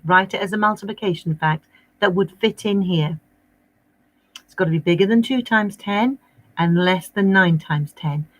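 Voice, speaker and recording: Cheery teacher coaxing young pupils. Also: female voice, fairly low pitch. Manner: cheery, coaxing, sing-song teacher talk. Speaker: primary school maths teacher. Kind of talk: livestream lesson for young children.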